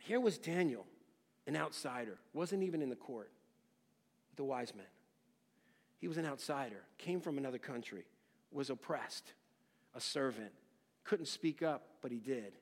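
A man preaching an expository sermon, dramatic and questioning, swinging between loud exclamations and near-hushed phrases. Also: medium pitch, lively intonation, normal speed, long pauses, in a large hall. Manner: asks the listeners rhetorical questions. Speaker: pastor.

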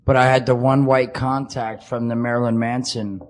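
A man in his forties chatting casually, with halting restarts and swearing. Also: mid-range voice, little pitch movement. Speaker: podcast co-host. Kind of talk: casual chat.

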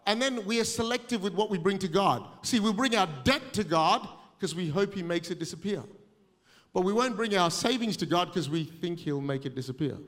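High-voiced Australian man preaching in a hall. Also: fairly quick. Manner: energetic, self-mocking storytelling with humor. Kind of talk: sermon.

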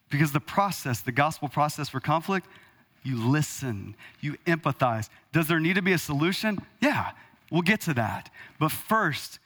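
A man in his thirties preaching a sermon from the pulpit, animated and rhetorical, calling out to the congregation. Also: a little high. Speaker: pastor. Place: church hall. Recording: long hall reverb.

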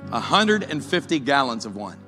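A man's voice: mid-range voice, sing-song, moderate pace, pushed and bright, in a large hall, faint music behind. A man preaching a sermon, telling a joking story that builds into fervent preaching. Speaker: pastor.

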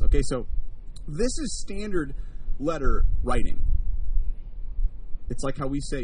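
A man preaching a sermon, animated, drawing the congregation into call and response. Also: medium pitch, moderate pace, pauses often, recorded from a distance, slight background noise, poor audio.

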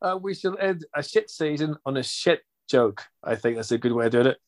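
A man's voice: fairly high pitch, expressive, fairly quick. A man hosting a football fan podcast, chatting casually with jokey, rambling banter. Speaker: podcast host. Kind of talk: casual chat.

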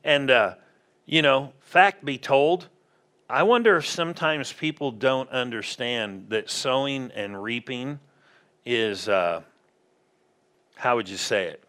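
A man's voice: medium pitch, slow pace, a bit bright. A man preaching a conversational sermon in a church, often asking the congregation questions. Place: church sanctuary.

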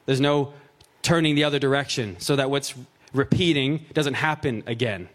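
A man preaching in an easygoing, conversational way, reading scripture and then unpacking it. He talks at an everyday middle pitch and mixes in jokey asides and plenty of "like" and "right?". It sounds relaxed and chatty more than formal. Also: normal speed. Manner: casual, joking asides, fillers of "like" and "right?".

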